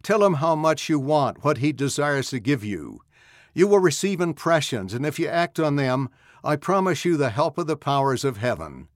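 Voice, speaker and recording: A man reading a church address aloud in a measured, solemn manner, close on a studio mic. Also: fairly high pitch, sing-song, no echo. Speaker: audio magazine reader. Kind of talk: scripted narration of a church address.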